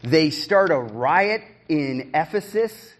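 Pastor, man, unhurried, conversational sermon that swells to fervent emphasis. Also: fairly high pitch, lively intonation.

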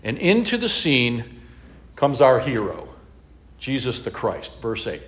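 Male pastor, mid-pitched, chatty sermon delivery with quick audience check-ins. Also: big pitch swings. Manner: casual, checks in with listeners, humorous asides. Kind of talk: conversational sermon teaching.

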